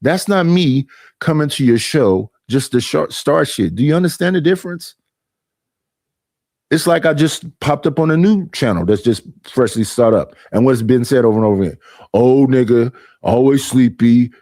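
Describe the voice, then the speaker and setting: A man's voice: medium pitch, normal speed, darkish tone, dry recording, studio quality. A middle-aged man streaming, ranting in a casual, aggrieved way, repeating himself and mimicking what others say to him. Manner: aggrieved, repetitive, mimics others in quoted voices. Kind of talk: casual livestream rant.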